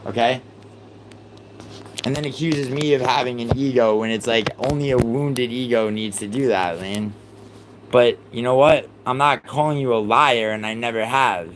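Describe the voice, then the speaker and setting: A man's voice: medium pitch, poor audio. Young male livestream host, heated and profane, mid voice, slight background hum. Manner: exasperated, swearing, rapid outbursts.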